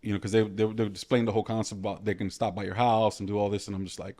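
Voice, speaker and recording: A man from New City, telling stories as a guest in a casual podcast chat, animated and full of street slang. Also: on the low side, racing. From New York City.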